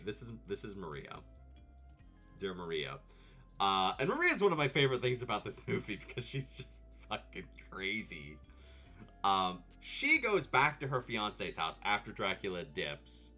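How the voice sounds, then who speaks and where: Low voiced streamer guy ranting about a movie, swears a lot, voice bouncing all over. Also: unhurried, soft background music. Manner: animated, profane, sarcastic ranting. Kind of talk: comedic movie commentary.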